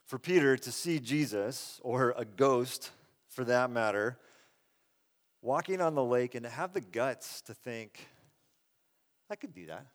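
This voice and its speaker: Earnest pastor preaching in a big hall. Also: male voice, medium pitch, a little slow. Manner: conversational and earnest, swelling loud then dropping soft. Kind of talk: sermon. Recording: long reverb of a large hall.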